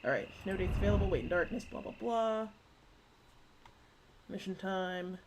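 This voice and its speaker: A woman streamer talking casually over a game, cracking jokes as she reads its text aloud. Her voice sits at a middle pitch. A steady background noise hums under her. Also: normal speed. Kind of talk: casual gameplay commentary.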